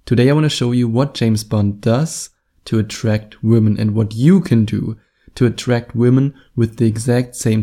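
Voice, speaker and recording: Gravelly German-accented podcast host. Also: male voice, mid-range voice, warm tone. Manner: jokey, self-deprecating, emphatic. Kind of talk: casual solo podcast monologue.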